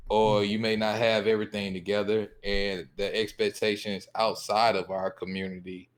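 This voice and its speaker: A man with a Southern US accent, talking in a rambling, laid-back way as a guest on a casual podcast discussion. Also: on the low side.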